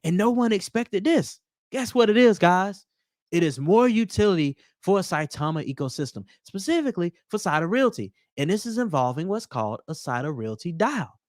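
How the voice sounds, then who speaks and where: A crypto news host with a Southern US accent chats animatedly to his viewers, whom he calls "guys," while photos appear on screen. His high-pitched voice moves at normal speed, and the recording is dry and studio-clean.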